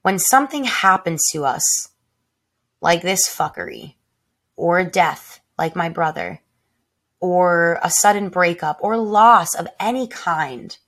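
A woman's voice: on the low side, animated, takes it slowly, a bit bright. A woman in her tiny home, talking straight to her listeners in a raw, heartfelt way, with frequent swearing and spoken reminders to herself. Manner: emotional, swearing, heartfelt, self-talk. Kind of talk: raw personal reflection.

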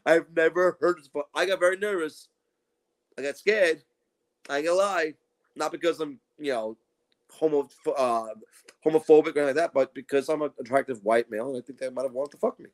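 A man's voice: fairly high pitch, a little fast. A man on a podcast telling a crude comic story, acting out quotes and laughing often. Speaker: podcast co-host.

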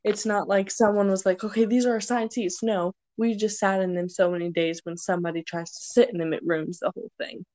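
A young woman telling rambling stories in casual chat, often breaking into loud impressions of her friends. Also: on the low side, flat delivery, a little fast, few pauses, no room sound, poor audio. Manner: chatty storytelling, rambling with fillers; shouts playful impressions of friends.

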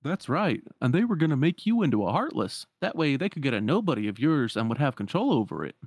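A man voicing a good-natured, goofy male sidekick, pitched higher than his own voice. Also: sing-song, quick pace, darkish tone, no room sound, clean studio sound. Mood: explaining.

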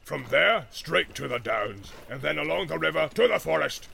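A man growling as a gravelly orc captain. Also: fairly high pitch, animated, normal speed, bright, forceful tone, slight background noise, exaggerated voice. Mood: commanding. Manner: barking orders. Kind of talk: audiobook character voice.

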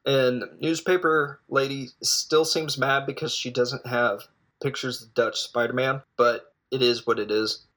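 A man's voice: mid-range voice, fairly even intonation, a little slow, few pauses, fairly bright tone. A man recapping a foreign film in a rambling, jokey way with lots of asides. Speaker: film reviewer.

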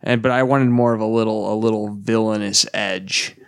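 A man in relaxed podcast talk with a gravelly, fry-tinged voice. He sits low in pitch and circles back over his words as he works out a point. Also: normal speed. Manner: hesitant, repeats words. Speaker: podcast co-host. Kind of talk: casual chat.

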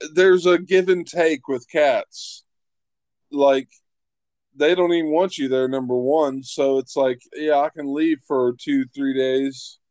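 A man's voice: medium pitch, a little mellow, no room sound. A man talking in a casual podcast chat, blunt and profane, often restarting his sentences. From West Virginia. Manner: blunt, swears freely, halting restarts.

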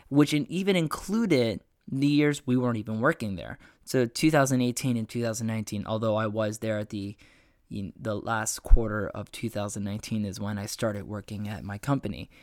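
A man's voice: medium pitch, no room sound, studio quality. Congested man rambling casually. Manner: rambling, frequent restarts. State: congested, nasal from flu. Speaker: podcast host. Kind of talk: casual personal update.

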